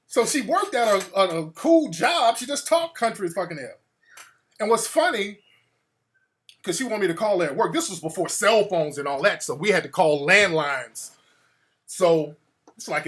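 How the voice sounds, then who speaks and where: Animated, profane male storyteller. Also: high voice. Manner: animated, profane, laughing between lines. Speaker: show host. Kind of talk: comic storytelling monologue.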